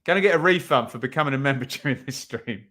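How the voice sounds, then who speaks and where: A young man with a medium-pitched, bright, forceful voice talks fast and animatedly while hosting a live football watch-along stream. He chats with viewers, reads their comments aloud, and says "um" a lot.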